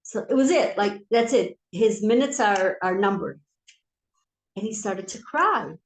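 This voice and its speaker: A woman leading an informal Torah class, telling stories and swinging between soft asides and emphatic lines. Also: medium pitch, lively intonation, measured pace. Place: historic synagogue hall. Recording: echoey room.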